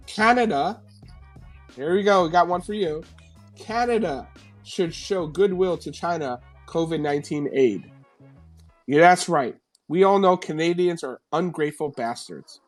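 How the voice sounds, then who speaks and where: A man's voice: a little high, expressive, measured pace. Man, New York-raised live-stream host; sarcastic and foul-mouthed, laughs through headlines, faint music underneath. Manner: sarcastic, profane, laughs often while reading headlines. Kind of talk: casual live-stream news commentary. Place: home.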